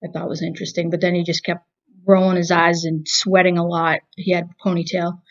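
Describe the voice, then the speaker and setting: A woman's voice: fairly low pitch, little pitch movement, fairly quick, highs cut off. A woman with a Boston accent, co-hosting a casual movie review chat and telling rambling, wry stories. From Massachusetts. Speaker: podcast co-host.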